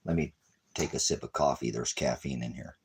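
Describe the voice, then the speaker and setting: A man ranting at his viewers on a livestream, cursing and taunting them, swinging between shouting and low muttering. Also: a little fast, breathy edge. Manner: angry, cursing, taunting, repeating insults. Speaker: ministry livestreamer. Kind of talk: profane livestream rant at viewers.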